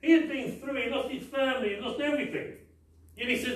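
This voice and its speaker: A man's voice: very high voice, fast. A man preaching a sermon, emphatic, with repeated rhetorical questions, in a large church hall. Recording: very echoey hall, mic far off.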